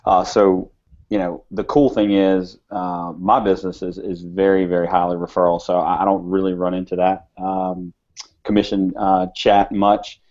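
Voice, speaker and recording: A man with a very deep voice that stays flat and even answers questions in an easygoing, steady way. He is a real estate agent. The sound is dull and lo-fi. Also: normal speed. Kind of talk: interview answers.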